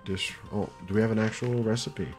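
Young male streamer, very low voice, chatty self-talk, casual cursing, soft game music behind. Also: steady tone, fairly quick. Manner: chatty, talks to himself, swears casually. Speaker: gaming streamer. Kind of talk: casual let's-play commentary. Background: faint game music.

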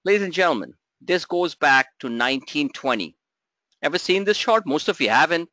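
Animated man hosting a trading webinar. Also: normal speed, dry recording. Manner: animated, joking, swings between loud asides and low mutters. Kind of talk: live market webinar talk.

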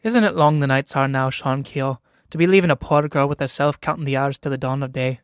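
A man's voice: medium pitch, a little fast, smooth, no room sound, clean studio sound, close to an everyday voice. A man reading a play aloud, voicing a spirited young country girl who mocks and scolds with impatience. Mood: teasing. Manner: sharp, mocking, impatient.

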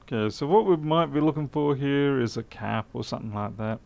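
A man's mid-range voice, creaky with a darkish tone and a slightly fast pace, provides live repair stream commentary. He's an electronics repair technician working on a circuit board, thinking aloud in a methodical, muttering manner.

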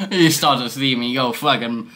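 Rambling high young man, bright voice. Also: very animated, slow. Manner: rambling, laid-back slang, laughing often. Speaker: vlogger. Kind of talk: casual stoned review vlog. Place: his room.

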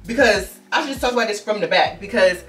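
A young woman in her twenties doing a lingerie try-on haul, talking in animated slang, repeating herself and breaking into sudden high exclamations. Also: fast, far from the mic, soft background music. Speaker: fashion vlogger.

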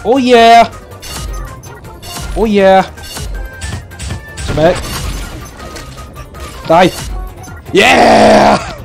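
A young man doing loud, sweary gameplay commentary as a gaming YouTuber, shouting catchphrases. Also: high voice.

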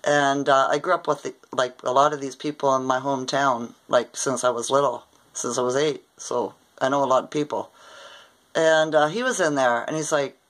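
A woman's voice: very deep voice, steady tone, moderate pace, low-quality recording. An older woman from Ontario, Canada, casually recounting a dream in a rambling way and often tagging her sentences with "right?". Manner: rambling, often adds "right?" tag questions. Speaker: vlogger.

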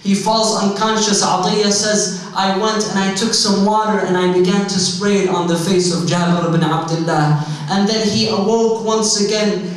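A man's voice: sits high, fairly even intonation, moderate pace. A man delivering a sermon, telling a religious story and building into an impassioned lament. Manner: rising to an impassioned, lamenting cry. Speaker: speaker at a mourning gathering. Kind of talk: sermon, recounting a religious narrative. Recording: echoey hall, distant mic.

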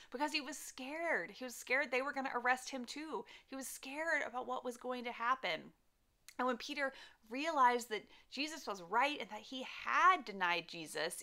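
A woman's voice: a little high, bright, forceful tone. A young woman teaching a children's church lesson, telling the story animatedly and acting out the characters.

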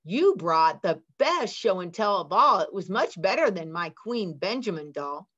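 A woman voicing a friendly, eager young schoolgirl with a high, excited voice in a storybook reading. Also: a little slow, full character voice. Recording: dull lo-fi recording.

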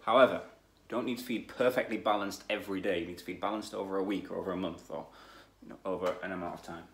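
A man's voice: sits low, fairly even intonation, quick pace, a bit bright, breathy edge. A man chatting casually in a vlog about dog training, blunt and swearing when frustrated. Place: outdoors in a field with dogs.

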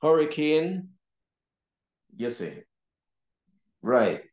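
A man's voice: a little high, very animated, very slow, darkish tone, dull audio. A man with a Jamaican accent teaching a Bible class, emphatic and often asking "you see?". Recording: roomy echo.

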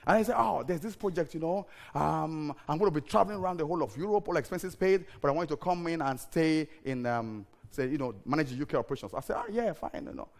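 A middle-aged man, preaching a sermon full of stories, animated and laughing, sometimes breaking into shouted prayer. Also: fairly high pitch, fast, gravelly, few pauses. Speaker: pastor. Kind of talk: storytelling sermon.

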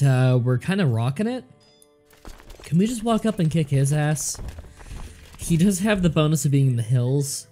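Let's-play host, young man, sick and sore-throated, relaxed self-mocking delivery over faint music. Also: a little high. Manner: casual, self-mocking, thinking aloud. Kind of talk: gameplay commentary.

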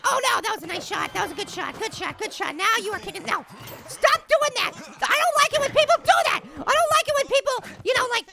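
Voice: very high voice, creaky, exaggerated voice. A voice actor playing a tiny, cheeky cartoon apple who plays a basketball video game and trash-talks the opponents. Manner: trash-talking, excitable, quick banter at the game. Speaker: gaming channel host. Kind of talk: cartoon character game commentary.

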